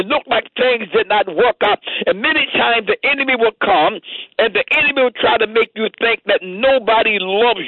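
High-voiced preacher over a tinny line. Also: male voice, dry recording. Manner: fervent, repeats amen between phrases. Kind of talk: sermon. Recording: tinny phone-line sound, dry.

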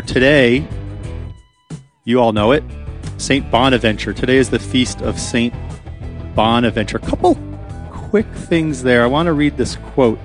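A man hosting a radio talk show, talking casually and chattily with frequent fillers. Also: mid-range voice. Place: radio studio. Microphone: studio microphone.

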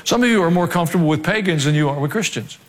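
A man's voice: fairly high pitch, lively intonation, racing. A male pastor preaching a sermon, swinging between joking asides and emphatic exhortation. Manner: humorous asides, emphatic rising delivery. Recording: long hall reverb.

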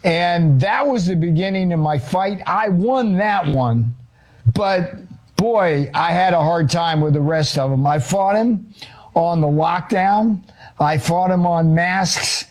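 Animated male guest telling a story. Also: high-pitched, takes it slowly. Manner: animated, acts out quotes, casual swearing. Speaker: guest author and economist.

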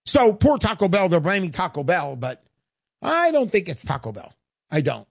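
A man hosting a radio show, pushing a product in a brash, hard-selling voice that swings up and down in pitch. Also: sing-song, normal speed, vocal fry, slightly rough, no room sound, clean studio sound. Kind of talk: pushy sales pitch radio talk.

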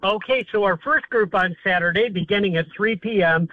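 A man talks on the phone with eager, promotional energy. His voice is high for a man and comes through a thin, tinny phone line. The sound is dry. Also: fairly quick, no room sound. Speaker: festival volunteer guest. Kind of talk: phone interview.

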